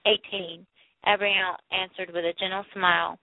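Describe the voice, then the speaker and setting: A woman's voice: mid-range voice, steady tone, moderate pace, no echo. Woman reading a novel over a tinny line. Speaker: audiobook narrator. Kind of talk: novel reading with light character voices. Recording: dry, tinny phone-like sound.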